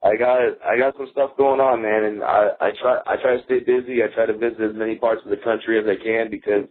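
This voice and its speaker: Joking comedian guest on a tinny line. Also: male voice, fairly low pitch, steady tone, fast talker. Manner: joking, laughs at his own stories. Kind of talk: casual comedy interview. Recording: tinny phone-like radio audio.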